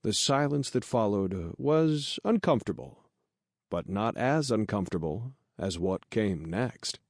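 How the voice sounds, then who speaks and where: A man narrating an audiobook in a steady, measured storytelling voice. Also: fairly low pitch, vocal fry, dry recording, clean studio sound.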